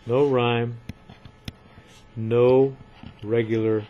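A man giving a recorded literature lecture, measured and emphatic, often repeating points for his students. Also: medium pitch, flat delivery, narrow, tinny audio, a little hiss or hum.

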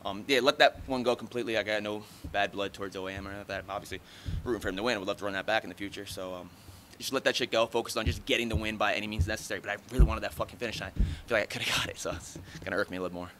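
A man's voice: fairly low pitch, steady tone, fairly bright tone, a little hiss or hum. A man in his thirties answering reporters after a fight, blunt, talkative and swearing freely. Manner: blunt, profane, fast and talkative. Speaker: fighter at post-fight press conference. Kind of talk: casual post-fight interview answers.

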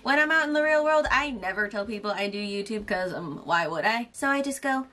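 A young woman YouTuber telling an animated, self-mocking, expletive-laden storytime vlog. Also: mid-range voice, fairly quick, few pauses. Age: young adult.

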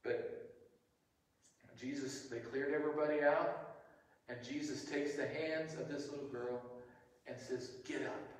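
A man's voice: a little high, steady tone, normal speed. A man preaching a sermon as pastor, telling the story conversationally with frequent restarts. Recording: echoey hall, distant mic.

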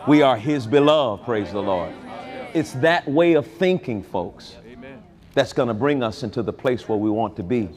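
Animated preacher man with a swinging delivery. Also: moderate pace. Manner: animated preaching with wide swings in pitch and loudness. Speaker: pastor. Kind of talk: sermon. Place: large convention hall.

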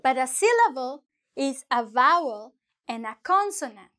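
A woman with a high, bright-pitched voice teaches a lesson online. She is playful and lively, moving easily between English and as she explains. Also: unhurried. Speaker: Spanish teacher.

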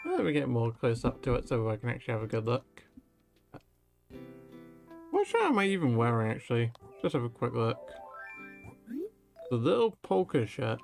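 A man's voice: mid-range voice, creaky. A man chatting casually over his gameplay into a desk microphone, thinking aloud as he plays, with faint game music. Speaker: let's play gamer.

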